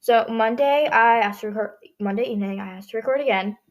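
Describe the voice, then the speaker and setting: A woman's voice: fairly high pitch, fast. A teenage girl hosting her own podcast, chatting casually with a dry, scratchy throat and rambling with lots of "like" in every sentence. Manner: chatty, rambling, heavy use of "like". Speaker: podcast host. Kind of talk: casual solo podcast chat.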